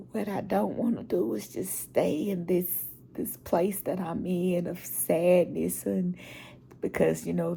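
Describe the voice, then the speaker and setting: A woman's voice: low-pitched, creaky, darkish tone, slight background noise. A middle-aged woman at home, recording a personal video diary and talking heartfelt and direct to her viewers. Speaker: vlogger.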